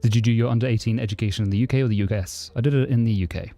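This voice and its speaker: A man's voice: fairly low pitch, racing, vocal fry, soft background music. A man from southeast London with a southern English accent close to received pronunciation, chatting casually on a live stream and answering viewers. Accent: southern English, close to received pronunciation but less posh. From southeast London, England. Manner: chatty, answers chat questions, thanks subscribers warmly. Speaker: livestreaming programmer.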